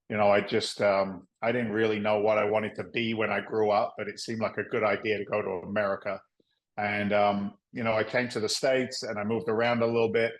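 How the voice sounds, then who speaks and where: A man in his fifties from England, with an English accent tinged by Boston, telling stories as a podcast guest in a lively, joking way. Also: on the low side, poor audio. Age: 50s. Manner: lively, jokey, acts out voices. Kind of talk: animated interview storytelling.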